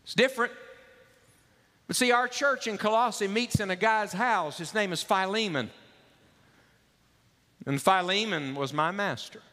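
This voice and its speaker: A male preacher voicing a humble, ashamed runaway slave who speaks quietly and softly. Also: high voice, measured pace, long pauses, long reverb tail, voice pushed up. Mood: earnest. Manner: quiet, humble, soft-spoken.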